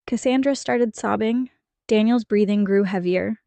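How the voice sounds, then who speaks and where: A woman's voice: a little high, steady tone, normal speed, dark tone, dry recording. A woman reading a first-person revenge story aloud as a scripted narration.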